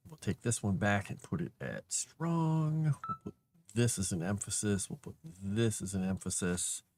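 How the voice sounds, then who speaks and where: A man on a casual livestream, thinking aloud to himself as he formats a document and grumbling at the software. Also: on the low side, lively intonation, normal speed, slight background noise. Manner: mutters to himself while working, grumbles at software.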